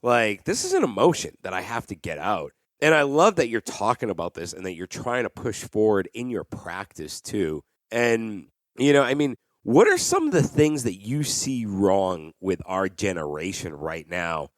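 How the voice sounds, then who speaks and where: A man's voice: fairly low pitch, normal speed, hardly any pauses, dry recording, studio quality. A man in his thirties hosting a podcast, chatting casually and acting out quoted people as he tells stories. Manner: animated storyteller, acts out quoted voices. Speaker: podcast host. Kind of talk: casual interview chat.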